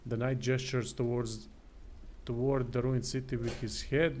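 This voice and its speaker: A man's voice: mid-range voice, level tone, measured pace, darkish tone, a little hiss or hum. A tired man streaming, casually reading a text game aloud, swearing now and then and stumbling over words. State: tired, yawning.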